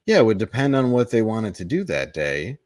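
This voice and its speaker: A man's voice: lowish voice, big pitch swings, fairly quick, a little mellow, dry recording, studio quality. A man, a comedian guest on a podcast, telling a long candid story in a blunt, profane, rambling way.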